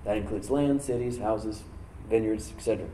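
A man preaching a sermon as pastor, stressing words by slowing down and rising in emphasis. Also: lowish voice, dark tone, recorded from a distance. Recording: echoey room, from off mic.

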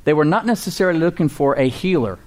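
A man's voice: expressive, fast talker. Emphatic preacher man. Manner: emphatic, rises high for quoted cries and drops low and soft for stillness; asks the congregation questions. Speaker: pastor. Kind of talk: sermon.

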